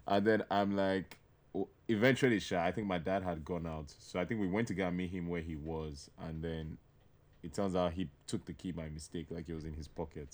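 A man's voice: low voice, fairly even intonation, fairly quick. A young man from Nigeria on a casual podcast, telling a childhood story in a laid-back way. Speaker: podcast co-host. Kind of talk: casual chat.

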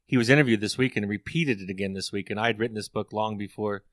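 A man's voice: lowish voice, fast, no room sound. Middle-aged male therapist, earnest and reflective, dry close recording. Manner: earnest, storytelling, repeats words as he thinks. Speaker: therapist and author. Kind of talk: reflective interview talk.

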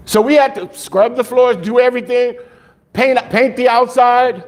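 A male pastor preaching a sermon in an animated way, asking rhetorical questions and answering them himself, with jokes and laughs between points. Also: very high voice, normal speed.

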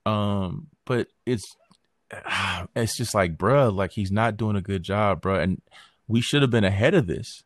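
A man hosting a podcast, talking politics in a casual, animated way, full of slang and swearing and quick impressions of other people. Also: on the low side, no echo, studio quality. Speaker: podcast host.

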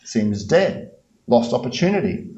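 A male preacher delivers his sermon with emphatic repetition, jumping between loud bursts and quiet asides. His voice sits at a middle pitch and rings around a roomy hall, and the recording sounds a little dull. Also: sing-song, measured pace. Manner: emphatic, repeats key phrases, swings between loud and hushed.

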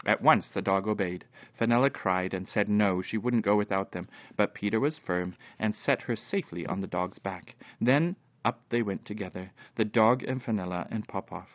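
Man, father, bedtime storybook reading, animated, occasional slips, very dry close sound. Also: fairly low pitch, normal speed, no room sound. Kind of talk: reading a children's storybook aloud. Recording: dull, dry lo-fi home recording.

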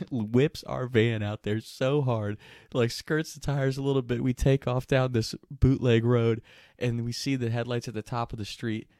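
A young man casually telling a rowdy anecdote, animated and laughing, with plenty of swearing. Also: medium pitch, measured pace, no room sound, clean studio sound. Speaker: storyteller.

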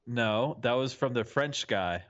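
A man's voice: mid-range voice, animated, measured pace, a bit bright. Laid-back man on dull call audio. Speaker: podcast co-host. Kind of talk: casual chat.

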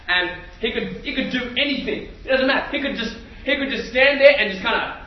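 Preacher, man in his thirties, high and energetic, storytelling with repeats, roomy slightly dull hall sound. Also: brisk. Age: 30s. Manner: animated storytelling, repeats phrases, shouts impressions. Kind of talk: sermon.

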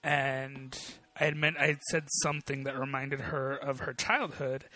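Bright-voiced man recounting a memory earnestly. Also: medium pitch, fairly even intonation, normal speed. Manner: earnest, reflective storytelling with hesitations. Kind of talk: casual chat.

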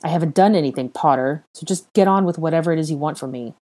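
A woman's voice: sits low, fast talker, warm tone, lightly acted. A woman reading aloud, voicing an arrogant young wizard who sneers and bristles with indignation. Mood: sneering.

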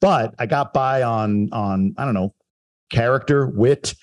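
A man from Long Island talks about his childhood in a relaxed podcast chat. His tone is reflective and self-deprecating. His voice sits at a middle pitch. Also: a little slow. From Long Island, New York. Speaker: guest telling his life story. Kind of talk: casual podcast conversation.

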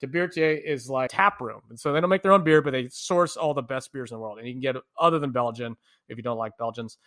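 A man's voice: mid-range voice, quick pace, fairly bright tone. A man, a podcast co-host from the United States, animatedly telling travel stories in a casual chat, laughing often.

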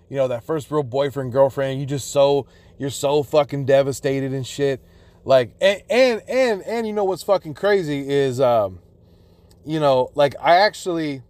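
A man's voice: a little high, no echo. A young man telling a rambling personal story, swearing constantly, with many restarts and fillers. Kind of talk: casual storytelling monologue.

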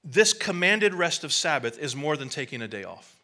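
A middle-aged man preaches a sermon in a relaxed, storytelling manner, often turning to the congregation with asides. His voice is bright and a little higher than most men's. He sounds like a pastor talking with his church rather than lecturing it. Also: normal speed.

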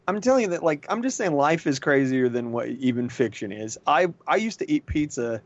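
Man, podcast co-host, animated storyteller, laughs a lot, mid pitch, dull lo-fi sound. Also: a little fast, dry recording. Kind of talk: casual chat.

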